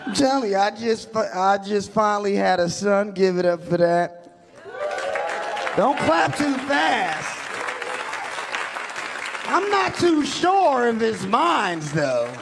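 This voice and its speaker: A young man doing a stand-up set on a comedy club stage, animated storytelling with loud bursts, on a handheld mic. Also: high voice, slow pace, creaky, long pauses, crowd noise, noisy background.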